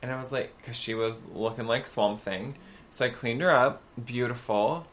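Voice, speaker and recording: A man co-hosting a podcast in casual chat, telling gossipy stories in an animated way with sudden loud bursts. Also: medium pitch, moderate pace, a little hiss or hum. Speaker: podcast co-host.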